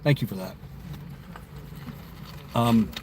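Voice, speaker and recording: A man's voice: medium pitch, slow, noisy background. A man live streaming from inside his car, reading viewer chat aloud and answering it in a rambling, chatty way with frequent laughs.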